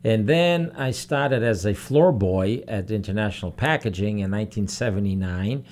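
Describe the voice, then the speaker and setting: Low-voiced man in his fifties, earnest. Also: moderate pace. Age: 50s. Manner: steady, earnest, with frequent fillers. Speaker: guest, human resources director. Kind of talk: radio interview. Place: radio studio.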